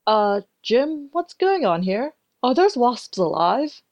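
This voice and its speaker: Bossy boss lady yelling about pests, done by a woman narrator, high and shrill. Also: sing-song, takes it slowly, lo-fi sound, full character voice. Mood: alarmed. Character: bossy alarmed female office boss.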